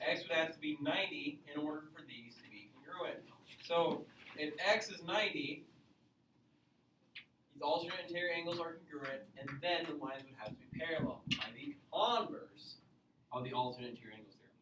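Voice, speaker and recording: A man's voice: on the high side, brisk. Male teacher explaining in an echoey classroom. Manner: explains patiently, repeats key points with "okay?". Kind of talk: classroom geometry lesson. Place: classroom with students. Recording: echoey classroom, mic far off, faint noise.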